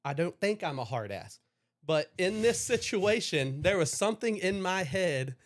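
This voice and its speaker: A young man with a slightly higher voice tells long, rambling stories, swearing freely as he goes. He speaks casually, in the loose style of a chat podcast. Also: very animated, moderate pace. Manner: profane, rambling storyteller. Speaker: podcast co-host.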